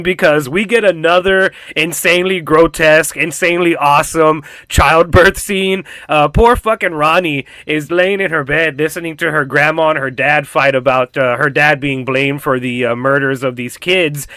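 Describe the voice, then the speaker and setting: A man casually recapping a TV episode for his channel, telling it in a profane, animated way with lots of fillers. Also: a little high, normal speed, hardly any pauses, no room sound. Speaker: reaction channel host.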